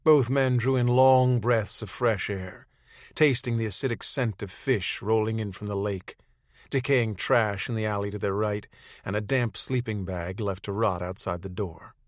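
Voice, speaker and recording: A man reading a third-person audiobook chapter in a steady, matter-of-fact way. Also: lowish voice, normal speed, dry recording, studio quality. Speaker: audiobook narrator.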